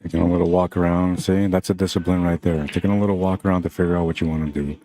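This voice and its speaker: A man's voice: sits low, level tone, rapid-fire, warm tone. A man commenting live on a pool match for a stream, chatty and greeting viewers by name between shots.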